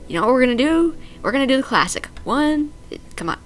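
A woman's voice: a little high, very animated, a little fast, pauses often, fairly bright tone, faint music behind. A young woman playfully commenting on a video game as she plays, reading the on-screen text aloud. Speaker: let's play gamer. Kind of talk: casual gameplay commentary.

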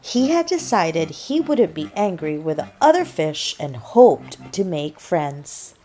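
Slow, expressive woman reading a storybook. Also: deep voice. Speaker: storybook reader. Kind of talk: children's read-aloud narration.

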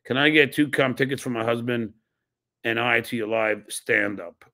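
A man with a medium-pitched, creaky voice and a sharp tone talks at a normal pace. He's hosting a podcast in a casual live-stream style, reading viewer donation messages aloud and snapping back with blunt, profane retorts.

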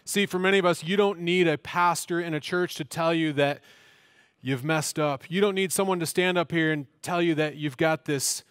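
A man's voice: on the high side, normal speed, a bit bright, smooth, no echo, clean studio sound. A man preaching a sermon as pastor of a church, earnest, with emphatic repeats and questions.

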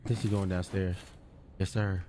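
A young man giving casual gameplay commentary, jumpy and loud, repeating exclamations and slang as he plays. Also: deep voice, level tone, normal speed, a little hiss or hum. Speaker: gaming streamer.

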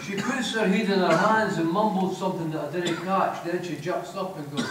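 A man's voice: high-pitched, normal speed, hardly any pauses, fairly bright tone, slight background noise. A middle-aged man with a Scottish accent reading his crude comic first-person fiction live on a theatre stage, broad, sweary and wry in dialect. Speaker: author reading aloud. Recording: echoey theatre from a distance.

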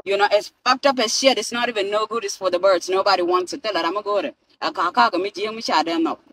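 Sitting in a car, a South Sudanese vlogger rants and swears into her phone camera, switching between languages. Her voice is medium-pitched and fairly bright, delivered at a quick pace, and the recording is dry and rough.

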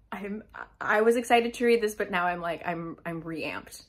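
A woman's voice: a little high, animated, unhurried, slightly rough. A young woman chatting casually as she recaps a novel, swearing and laughing often. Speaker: book youtuber.

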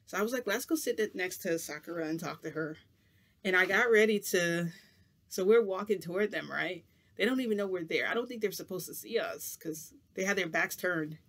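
A man's voice: sits high, brisk, a bit bright. A man chatting to camera as a vlogger, telling a long rambling story full of "like" in a casual, chatty way.

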